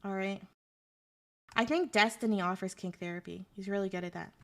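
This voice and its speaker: A woman's voice: medium pitch, brisk, fairly bright tone. A young woman streamer chatting casually with her audience, sarcastic and joking as she answers chat.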